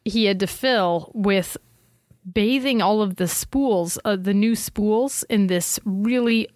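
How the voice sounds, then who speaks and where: Animated woman podcast co-host. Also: mid-range voice, no room sound, clean studio sound. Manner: animated, quotes sources aloud, fast asides. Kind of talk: casual conversational history chat.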